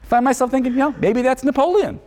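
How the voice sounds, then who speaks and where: A man's voice: extremely high pitch, fast, a little mellow. A man giving a conversational university philosophy lecture, thinking aloud and correcting himself as he goes. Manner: thoughtful, conversational, self-correcting. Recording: long lecture-hall reverb.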